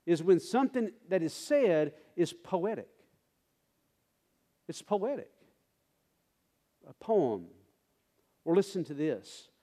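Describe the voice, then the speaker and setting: Pastor guy preaching, high lively voice, lots of swoop, big echoey church. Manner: animated, repeats phrases for emphasis, addresses congregation directly. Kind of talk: sermon.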